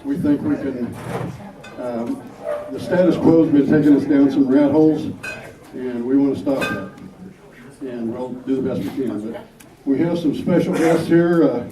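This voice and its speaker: A man gives halting, plain welcoming remarks, pausing often on fillers. His voice is slightly high and comes from across a reverberant room. A crowd murmurs behind him. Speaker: event host. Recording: distant roomy mic with crowd.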